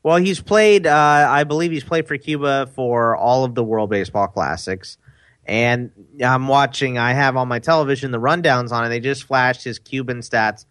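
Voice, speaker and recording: A man co-hosting a casual sports chat, teasing and quick with banter. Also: mid-range voice, fairly bright tone, clear, resonant tone, no echo. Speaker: podcast co-host.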